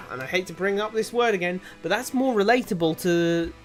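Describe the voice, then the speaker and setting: A man's voice: high voice, moderate pace. A man co-hosting casual video game commentary, with a wry, critical tone and frequent hesitant restarts. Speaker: co-host. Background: game music.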